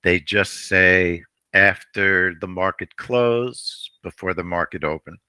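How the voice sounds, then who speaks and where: A man hosting a live trading stream, talking traders through a trade in a rambling way, repeating himself and often clearing his throat. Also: low-pitched, takes it slowly, sharp tone, no room sound.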